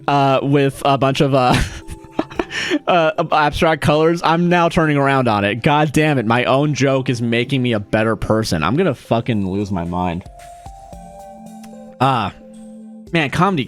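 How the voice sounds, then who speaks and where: A young man casually chatting on a live stream, ranting with a lot of swearing and laughing at his own jokes. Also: mid-range voice. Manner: profane, ranting, self-mocking, laughs often.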